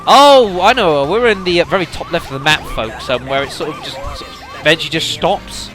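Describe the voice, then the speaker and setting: A man's voice: on the high side, brisk, sharp tone, faint music behind. A man giving casual gameplay commentary, rambling with lots of fillers and addressing the audience as folks. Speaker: let's play commentator.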